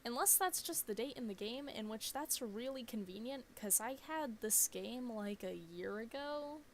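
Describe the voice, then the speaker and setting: A woman's voice: on the high side, lively intonation, moderate pace, slight background noise. A young woman streaming a game, chatting casually, laughing often and swearing offhand. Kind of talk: casual let's-play chat.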